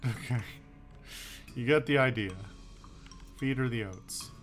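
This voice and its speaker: A man's voice: medium pitch, slow pace, faint music behind. A man playing a comedy western game, reading its text aloud with wry, offhand asides. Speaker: let's play gamer. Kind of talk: casual let's play commentary, reading game text aloud.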